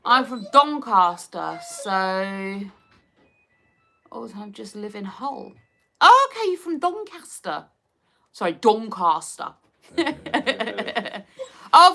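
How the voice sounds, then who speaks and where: A woman's voice: sits high, very animated, slow pace, bright, forceful tone, slight background noise. A woman with a Hertfordshire accent, chatting casually and giggling as she reads out viewer comments on her live stream. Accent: Hertfordshire English. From Hertfordshire, England. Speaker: livestream host.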